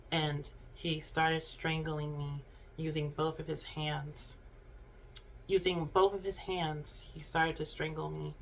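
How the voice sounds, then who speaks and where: A young adult vlogger telling a personal story in a halting, subdued way, with many restarts and fillers. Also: mid-range voice, fairly bright tone, a little hiss or hum. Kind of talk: unscripted storytime monologue.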